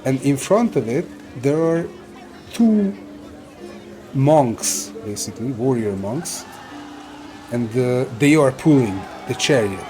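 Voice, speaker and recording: A man's voice: medium pitch, expressive, slow pace, pauses often, a little mellow, faint music behind. A man narrating a tabletop game as game master, describing scenes with frequent fillers.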